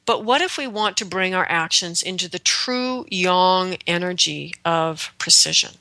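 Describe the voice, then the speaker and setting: A woman hosting a radio show on shamanic practice, speaking slowly and earnestly in a reflective spiritual talk. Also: lowish voice, animated, sharp tone, dry recording. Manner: slow, deliberate and earnest.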